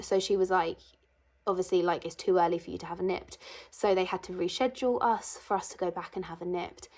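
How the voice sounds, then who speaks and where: A young woman in her twenties telling a personal story in a casual vlog, chatty and emotional, with lots of fillers. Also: mid-range voice. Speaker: vlogger.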